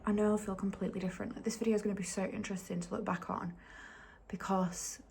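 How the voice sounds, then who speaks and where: A woman's voice: medium pitch, level tone, quick pace, gravelly. Woman, thirties, diary vlogger, chatty and emotional, faint hiss on the track. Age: 30s. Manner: chatty, emotional, drops to a hushed near-whisper at times. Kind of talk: casual diary vlog. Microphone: handheld camera.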